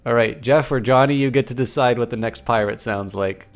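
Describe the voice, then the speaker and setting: A man streams a game live, chatting casually to his viewers. His voice sits at an ordinary middle pitch with a gravelly edge. He reads the game's lines in a playful, mock-theatrical way. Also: brisk, soft background music. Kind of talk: live game streaming, reading dialogue aloud.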